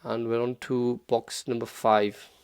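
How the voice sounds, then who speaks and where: Relaxed male teacher, smooth clear voice. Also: mid-range voice. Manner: relaxed and encouraging, with frequent fillers and restarts; drawn-out louder model recitations. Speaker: Quran recitation teacher. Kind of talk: casual recorded lesson.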